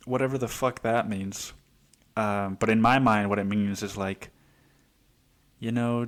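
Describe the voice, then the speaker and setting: A man's voice: lowish voice, takes it slowly, long pauses. A man in his twenties hosting a casual solo podcast, rambling with heavy swearing and many restarts. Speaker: podcast host.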